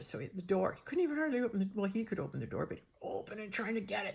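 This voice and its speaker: A woman telling a personal story in an animated way, often restarting her sentences and acting out the voices of the people she quotes. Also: medium pitch, fast talker, gravelly, hardly any pauses, slightly rough.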